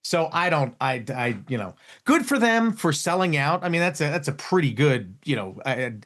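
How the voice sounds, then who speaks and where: Animated, exasperated male radio host. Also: fairly high pitch, moderate pace. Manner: animated, exasperated, frequent restarts. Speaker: radio talk show host. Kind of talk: casual on-air banter. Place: radio studio.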